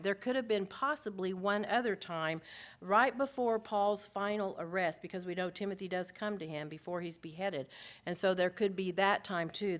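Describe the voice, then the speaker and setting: A pastor's wife giving a Bible lesson to a group of women. She speaks earnestly and expressively, moving between emphatic and soft passages and asking her listeners many rhetorical questions. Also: on the low side. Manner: expressive, swings between emphatic and softly spoken.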